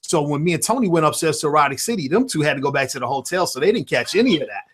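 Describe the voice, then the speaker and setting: Animated man telling stories. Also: fairly high pitch, rapid-fire. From Chicago. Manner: animated, laughs through his stories. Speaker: guest rapper. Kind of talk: casual storytelling.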